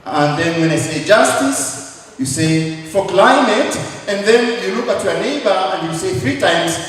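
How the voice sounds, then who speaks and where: A man's voice: sits high, a little slow. A man from Tanzania, a reverend, gives a public speech and leads the audience in call-and-response chants. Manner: lively, leads the crowd in chants. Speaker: reverend presenting a faith leaders' declaration. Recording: echoey hall, mic far off, faint noise.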